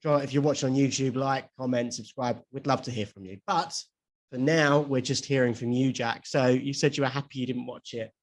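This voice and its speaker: A man's voice: medium pitch, steady tone, a little fast. Young guy cohosting a podcast, chatty, laughs a lot, swears a bit. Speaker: podcast co-host. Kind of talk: casual chat.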